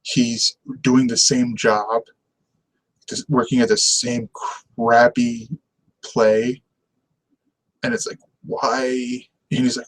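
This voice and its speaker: A man hosting a casual TV review show chats on camera in an enthusiastic, rambling way and laughs often. His mid-range voice is level in tone and slow with frequent pauses, and the audio is poor.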